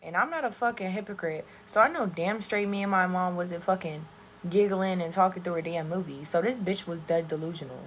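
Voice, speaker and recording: A woman's voice: fairly low pitch, brisk. Young woman ranting a storytime into her phone in her bedroom, cusses nonstop, bit of noise behind. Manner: profane, animated, swears constantly. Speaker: TikTok storyteller. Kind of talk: get-ready-with-me storytime.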